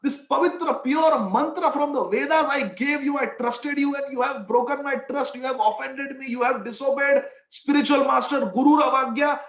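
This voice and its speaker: A fuming old holy teacher bellows and scolds in a high, strained voice, as a man puts him on. The sound rings in a roomy space and is slightly dull, as in a storytelling sermon. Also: normal speed, few pauses. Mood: furious. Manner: shouting, scolding. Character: furious elderly male guru, fuming.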